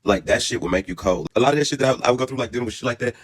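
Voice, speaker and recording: A man in his thirties telling a story in a casual, animated way, brassy, profane and dramatic, then calmer and reflective. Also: mid-range voice, racing. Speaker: storyteller vlogger.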